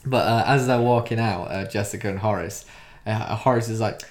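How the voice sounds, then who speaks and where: A man's voice: lowish voice, fairly quick. A man co-hosting a casual chat, chiming in with jokey quips and asides. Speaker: podcast co-host. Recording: roomy echo.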